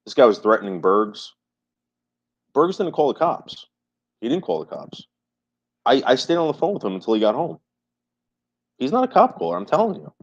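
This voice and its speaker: A man's voice: mid-range voice, huge pitch swings, normal speed, long pauses. Repetitive, emphatic livestreaming man. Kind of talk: casual livestream chat. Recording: muffled lo-fi livestream audio.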